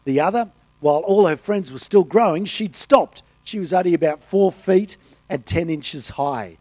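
Emphatic preaching man, crisp dry voice. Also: a little high, lively intonation, normal speed, mellow, dry recording. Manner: emphatic preaching with storytelling, rising on quotes. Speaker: pastor. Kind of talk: sermon.

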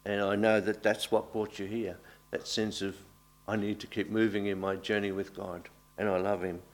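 A man preaching a baptism sermon as pastor, speaking earnestly with small restarts and pauses. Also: lowish voice, level tone.

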